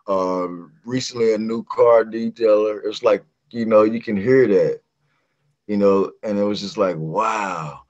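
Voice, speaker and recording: A middle-aged man from West Virginia, a guest singer telling a lively casual story and acting out the voices of people in it. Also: fairly low pitch, muffled recording.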